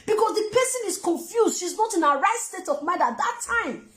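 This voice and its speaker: A woman's voice: very high-pitched, animated, normal speed, fairly bright tone, reverberant. A Nigerian woman giving passionate commentary, pressing her point with emphatic rhetorical questions.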